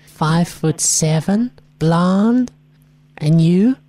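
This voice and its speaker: A woman's voice: lowish voice, animated, drawn-out words, dark tone. A woman making a radio prank call in a flirty, teasing way, giving playful orders.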